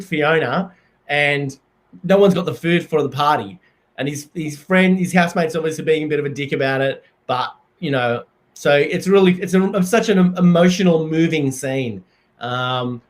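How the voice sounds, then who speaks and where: A man hosting a comedy live stream, talking in a halting, deadpan way with many fillers. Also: on the high side.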